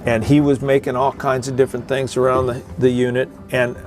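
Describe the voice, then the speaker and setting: A man's voice: mid-range voice, little pitch movement, brisk. A middle-aged man, a Coast Guard veteran, casually telling a joking, salty story to his viewers. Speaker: retired Coast Guard veteran, video host. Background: music.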